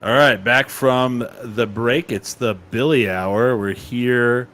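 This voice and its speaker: A man's voice: medium pitch, fairly even intonation, slow, a bit bright, no room sound. Joking male podcast host. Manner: joking, puts on silly voices. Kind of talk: casual chat.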